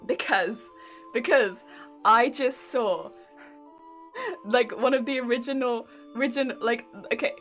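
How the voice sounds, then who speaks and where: A woman's voice: a little high, lively intonation, takes it slowly, pauses often, fairly bright tone, soft background music. A young British woman streaming from home, chatting casually with her viewers in a giggly, talkative way. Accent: British English. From England. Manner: giggly and chatty, reacting to chat. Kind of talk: casual live-stream chat.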